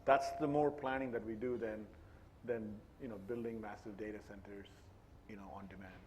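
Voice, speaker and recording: A man's voice: on the low side, fairly even intonation, normal speed, a little mellow, a little hiss or hum. A man, an IT executive on a panel, speaking casually, with many restarts and loose asides. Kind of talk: panel discussion answer. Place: stage at a live panel event.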